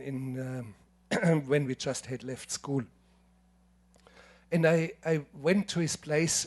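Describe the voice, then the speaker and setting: Older man, German accent, lecture storytelling, slightly high voice, measured and emphatic. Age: 70s. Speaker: filmmaker giving a masterclass. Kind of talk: lecture with anecdotes. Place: lecture hall.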